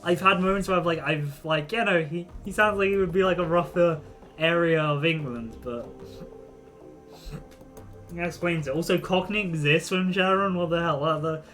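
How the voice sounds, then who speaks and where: A man's voice: fairly high pitch, moderate pace, sharp tone, faint music behind. A man streaming and chatting casually over a game, rambling and giggly with lots of fillers. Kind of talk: casual gameplay commentary.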